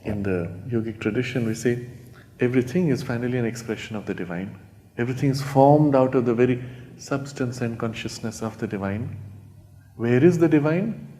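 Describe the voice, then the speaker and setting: Mellow-voiced man giving spiritual talk. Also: medium pitch, brisk. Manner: gentle storytelling, asks listeners rhetorical questions. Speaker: spiritual teacher. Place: retreat talk before a live audience.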